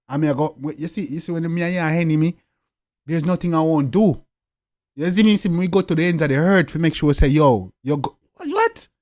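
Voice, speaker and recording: A young man with a Jamaican accent, talking in an interview in a forceful, repetitive way with loud emphatic bursts. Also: fairly high pitch, no room sound, studio quality. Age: young adult. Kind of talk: interview talk.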